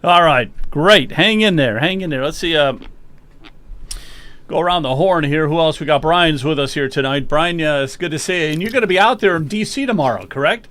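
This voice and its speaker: Male host, slightly high voice, emphatic and repetitive, casual show banter. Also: brisk, a bit bright, no room sound. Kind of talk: casual political talk show.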